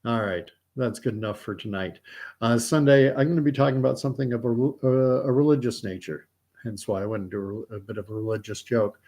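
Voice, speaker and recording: A man from Canada hosting a casual joke-telling live stream, soft-spoken and rambling with many fillers. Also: mid-range voice, steady tone, fairly quick. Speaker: joke-telling livestream host.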